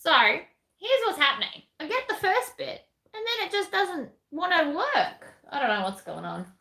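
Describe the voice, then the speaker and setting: A woman's voice: very high-pitched, very animated, normal speed, gravelly, pushed and bright, roomy sound. A woman with an Australian accent chatting casually while she sews, answering viewer comments bluntly. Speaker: sewing livestream host. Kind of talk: casual chat while sewing.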